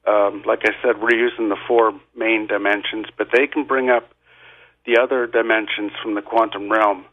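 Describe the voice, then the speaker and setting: A man appearing as a guest on a radio show by phone, hesitant and halting, with many fillers. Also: on the low side, flat delivery. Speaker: guest expert. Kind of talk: phone-in interview. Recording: tinny phone line, faint music.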